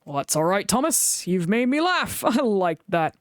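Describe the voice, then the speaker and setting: A woman's voice: mid-range voice, big pitch swings, normal speed, dry recording, clean studio sound, close to an everyday voice. A woman voicing a big, proud male engine in a storybook reading, with a grand, chortling manner.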